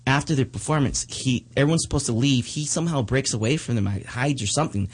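A man's voice: mid-range voice, fast, breathy edge. A man, a magician now doing comedy, chatting casually and acting out the people in his stories. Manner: animated storyteller, acts out quoted voices. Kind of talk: casual chat.

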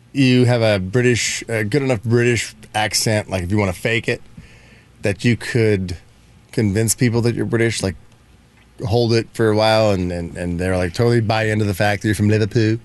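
A man's voice: on the low side, normal speed, pauses often. A man co-hosting a radio show, chatting loosely and joking, with lots of filler words. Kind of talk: casual radio banter.

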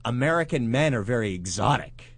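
A man's voice: mid-range voice, a little fast, no room sound. A man co-hosting a radio show, playful and goofy in casual banter and a live ad read. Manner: playful and goofy, swinging between excited and hushed. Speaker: radio co-host.

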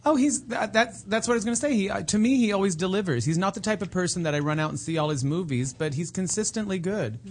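A man's voice: high voice, lively intonation, fast, hardly any pauses. A man co-hosting a podcast with campy, sardonic remarks. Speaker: co-host. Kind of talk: casual podcast chat. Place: studio.

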